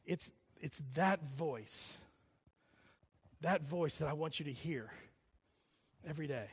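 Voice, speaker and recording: Pastor, male, slightly high voice, lively repetitive preaching, echoing hall sound. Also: takes it slowly, husky. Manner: animated storytelling preacher, repetitive emphasis. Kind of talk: sermon.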